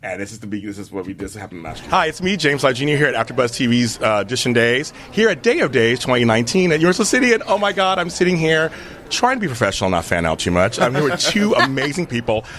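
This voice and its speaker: A man hosting a casual chat show, gushing and animated as he tells stories. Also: mid-range voice, fast talker, slight background noise. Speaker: host.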